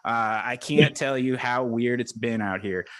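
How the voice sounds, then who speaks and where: A man's voice: mid-range voice, a little slow, fairly bright tone. A man rambling in a jokey, self-mocking way as a comedy guest, talking from his living room on a video call. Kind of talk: casual rambling comedic chat.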